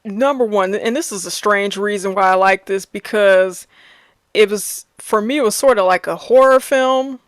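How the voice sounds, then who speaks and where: A woman's voice: mid-range voice, moderate pace, no echo. A woman in her thirties chatting casually about her favorite films, laughing often and restarting her sentences. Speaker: movie reviewer. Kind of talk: casual movie review chat.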